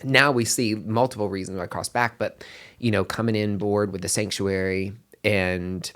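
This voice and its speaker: A male podcast host in casual chat, emotional and excitable, breaking into high exclamations and trailing restarts. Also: normal speed.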